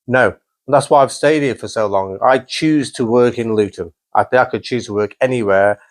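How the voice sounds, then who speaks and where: A middle-aged man from England, talking as a podcast guest in an animated, enthusiastic storytelling manner. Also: medium pitch, moderate pace, a crowd in the background. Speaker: podcast guest, college principal. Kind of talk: casual podcast interview.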